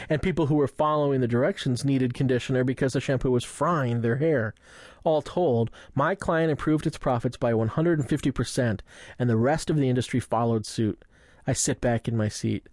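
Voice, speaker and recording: A man's voice: medium pitch, a little mellow, no room sound, studio quality. A young man narrating a first-person memoir in a wry, self-mocking, conversational way. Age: young adult. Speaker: audiobook narrator.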